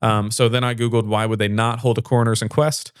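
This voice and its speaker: A man hosts a local news show, chatting and reading stories aloud. His voice sits at an ordinary pitch and is recorded dry and close. He rambles, with plenty of fillers and restarts. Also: level tone, fast, smooth, no echo. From Fayette area. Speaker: local news podcast host. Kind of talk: casual chat and news reading.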